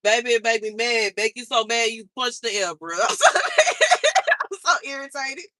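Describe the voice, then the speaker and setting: A woman's voice: on the high side, normal speed, sharp tone, no echo. A woman livestreaming, venting in an exasperated, slangy way and repeating herself as she complains. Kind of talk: casual livestream rant.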